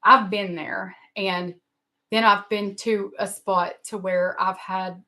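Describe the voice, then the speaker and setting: A woman's voice: medium pitch, little pitch movement, slow, bright, forceful tone. A middle-aged woman, hosting a casual livestream and talking in a rambling, emotional, self-deprecating way. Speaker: livestream host. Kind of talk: casual live-stream chat.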